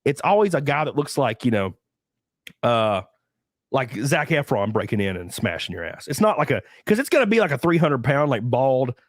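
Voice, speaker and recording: A man hosting a casual podcast, telling crude, rambling stories in an animated way. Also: mid-range voice, moderate pace, no room sound, studio quality. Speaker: podcast host.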